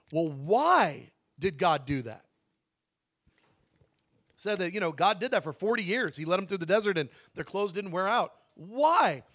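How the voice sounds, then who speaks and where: A man teaching a Bible session in a conversational way, slowing down to stress key words and correcting himself as he goes. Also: on the high side, fairly bright tone. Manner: conversational, with asides and self-corrections.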